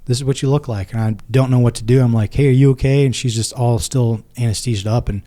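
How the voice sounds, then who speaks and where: A man's voice: medium pitch, steady tone, fast talker, warm tone. A man in his forties, a military veteran and podcast guest, earnestly retelling a personal story and acting out both sides of each conversation.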